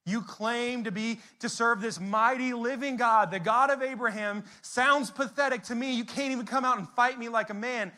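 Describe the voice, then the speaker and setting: A boastful giant warrior sneers and taunts, put on by a man. The voice stays high and bright, with a forceful ring to every jeer. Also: moderate pace, few pauses. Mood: mocking. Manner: taunting, scornful.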